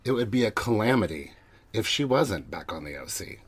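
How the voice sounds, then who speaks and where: A man's voice: fairly low pitch, very animated, a little fast, husky. Chatty, teasing man podcast co-host. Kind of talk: casual chat. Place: small closet at home.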